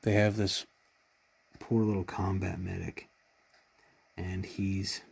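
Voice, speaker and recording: Male, casual fan vlogger, husky deep voice, emotional, restarts often. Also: flat delivery, slow pace, a little mellow. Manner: heartfelt, rambling retelling with many restarts. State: choked up with emotion. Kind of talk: casual fan commentary on a TV show.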